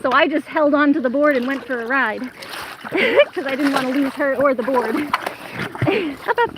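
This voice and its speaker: A woman with a high voice chats and laughs as she films herself by a lake, calling out to her dog between remarks. The recording has loud outdoor noise from wind and water, picked up by a camera standing on a tripod. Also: unhurried. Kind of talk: casual outdoor vlog. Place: outdoors at a lake shore and woods.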